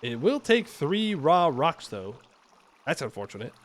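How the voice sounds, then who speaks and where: A man's voice: on the high side, sing-song, a little slow. A man streaming a game live, chatting and joking with his viewers in a playful, mock-defensive way. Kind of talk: casual live-stream commentary while playing.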